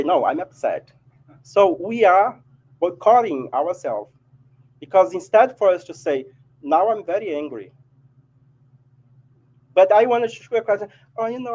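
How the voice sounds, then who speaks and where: In the meeting hall of a spiritist society, a man with a Brazilian Portuguese accent gives a chatty spiritual talk to an audience, often tacking on "right?". His voice sits high with a darkish tone, and the audio is poor.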